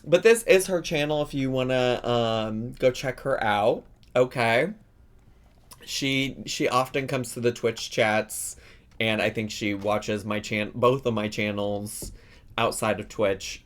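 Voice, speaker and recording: A young man with a Southern Illinois Midwestern accent chatting casually in a reaction vlog, sassy and playful with big jumps up in pitch, talking around a cough drop while getting over a lingering cough. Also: unhurried, fairly bright tone. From Southern Illinois, USA. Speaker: YouTuber host.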